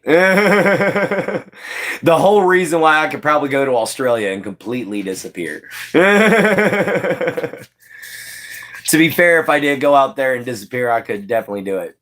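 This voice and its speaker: Male streamer, casual chat with viewers, animated pitch, easy laughter. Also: normal speed. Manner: chatty, answers chat by name, laughs often. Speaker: livestream host.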